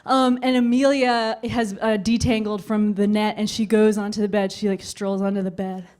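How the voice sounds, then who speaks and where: A woman in her twenties performing a stand-up routine on a club stage, telling a story with animated delivery and acted-out voices. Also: mid-range voice, normal speed. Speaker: stand-up comedian.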